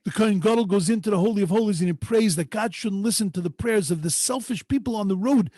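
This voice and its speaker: A man, a rabbi, teaching a Torah class over a video call in an earnest, drawn-out way, sprinkled with Hebrew and Yiddish terms. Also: high voice, warm tone, dry recording. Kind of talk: storytelling Torah lesson. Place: home online video call. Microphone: video call microphone.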